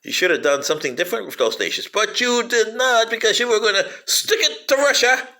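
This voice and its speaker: A man's voice: high-pitched, expressive, brisk, sharp tone. A man giving a sarcastic, rambling monologue to camera, teasing his listeners with sing-song taunts and cackles. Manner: rambling with frequent fillers. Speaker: political commentator.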